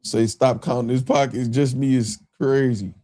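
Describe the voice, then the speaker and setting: A man's voice: medium pitch, steady tone, normal speed, warm tone. A man hosting a casual livestream, talking loosely to his chat, repeating himself and laughing often. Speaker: livestream host.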